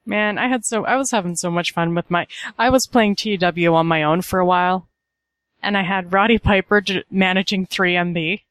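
A woman's voice: on the low side, moderate pace, fairly bright tone, no room sound. A woman co-hosting a podcast in casual chat, easygoing, wry and opinionated. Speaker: podcast co-host.

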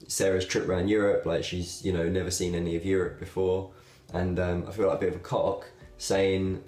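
Low-voiced young man, rambling. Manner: relaxed, rambling, with fillers and laughs. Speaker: video blogger. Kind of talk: casual talk to camera. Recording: echoey room.

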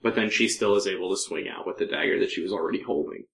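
A man narrating as game master, calmly explaining rolls and describing the action. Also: sits low, rapid-fire, vocal fry, poor audio. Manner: relaxed, explaining rules and describing scenes.

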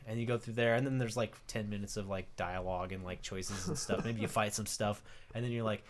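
A man's voice: on the low side, quick pace, hardly any pauses. A man chatting casually as a podcast co-host, acting out quoted voices and laughing often. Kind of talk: casual chat.

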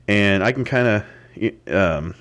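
A man's voice: lowish voice, animated, slow, fairly bright tone. A man hosting his own podcast, talking in a loose, rambling way with many fillers and restarts. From United States. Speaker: podcast host. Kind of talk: solo podcast monologue.

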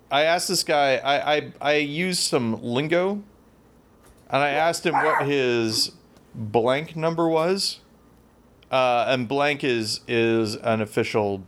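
A man's voice: medium pitch, slight background noise. A man co-hosting a podcast in casual chat, telling rambling self-deprecating stories full of fillers. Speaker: podcast co-host.

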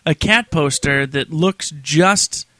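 A man's voice: a little high, slow pace, sharp tone. A man co-hosting a podcast in casual chat, rambling easily through a story. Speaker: podcast co-host.

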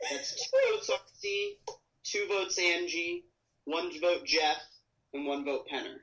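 A man's voice: a little high, wildly swooping pitch, takes it slowly, bright, forceful tone, full character voice, rough recording. A man doing a game-show host reading out votes. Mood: announcing.

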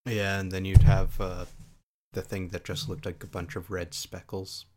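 Very deep-voiced young man, rambling. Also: level tone, normal speed, background noise. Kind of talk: casual chat.

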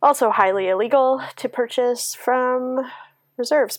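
A woman's voice: mid-range voice, measured pace, no room sound. A Canadian woman with a congested, sick voice chats on a podcast, drifting into loose, giggly tangents. Her voice is dry and close, with no room sound around it. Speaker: podcast co-host. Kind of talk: casual chat.

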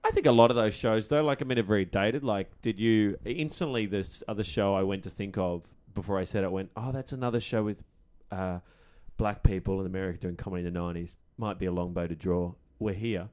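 A man's voice: lowish voice, a little fast, few pauses, a little mellow. A man co-hosting a podcast, chatting casually and bluntly teasing the others. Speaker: podcast co-host. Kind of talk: casual chat.

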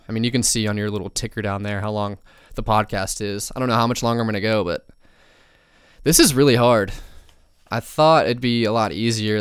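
A man's voice: on the low side, clean tone, dry recording, clean studio sound. Rambling, profane young man podcasting solo. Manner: rambling, profane, many fillers and asides. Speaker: podcast host.

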